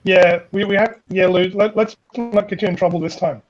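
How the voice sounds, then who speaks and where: Man, host, high voice, hesitant restarts, muffled lo-fi audio. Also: steady tone, a little fast. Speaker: host and editor. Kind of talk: casual panel chat.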